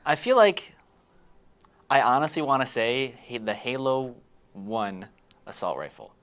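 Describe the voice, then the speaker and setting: A woman joining a gameplay stream as a guest, excitable and giggly as she plays. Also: a bass voice, a little slow. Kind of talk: casual gameplay chat.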